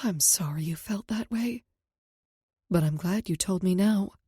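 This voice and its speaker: Woman voicing a gentle loving mother. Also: lowish voice, a little slow, slightly rough, no room sound, clean studio sound. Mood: gentle, caring. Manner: soft, reassuring.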